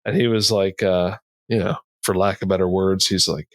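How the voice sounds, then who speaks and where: This is a man cohosting a podcast who talks in a low, easygoing register. He rambles through a story in a casual way and laughs at his own tales. The sound is close and dry, with no room around it. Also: fairly even intonation, moderate pace, no echo.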